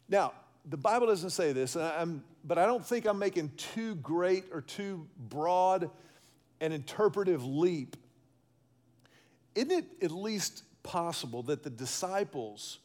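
A male pastor preaching a sermon in an emphatic, animated way, calling on the congregation to respond. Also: fairly high pitch.

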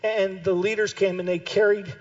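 A man with a notably high voice preaches a sermon. He drives home his points by repeating phrases and swells into shouted calls to his listeners. The recording sounds dull and lo-fi. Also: little pitch movement, normal speed. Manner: impassioned, builds to shouted exhortation; repeats key phrases for emphasis. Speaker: pastor.

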